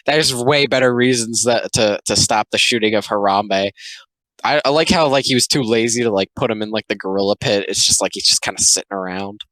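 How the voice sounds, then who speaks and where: Young male commentator, sarcastic and rambling; bright, forceful tone, dry close sound. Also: fairly low pitch, dry recording, rough recording. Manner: rambling, sarcastic, many filler likes. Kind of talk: casual reaction commentary.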